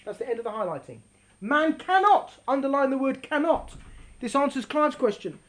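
A woman's voice: high-pitched, animated, a little fast. A woman teaching a class, reading from a text and explaining it, and stretching out words for emphasis.

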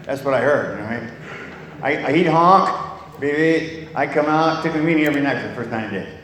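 A man's voice: mid-range voice, lively intonation, fast talker, fairly bright tone, a little hiss or hum. Older man telling his story, salty and rambling. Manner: rambling, salty, with many restarts. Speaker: recovery meeting speaker. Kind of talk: personal testimony talk. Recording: echoey hall with long reverb.

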